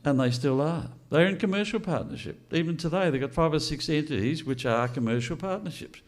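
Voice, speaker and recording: Fairly high in pitch, brisk, and lively in intonation, the older man's voice drives a blunt, improvised speech at a political launch. He keeps putting rhetorical questions to his listeners.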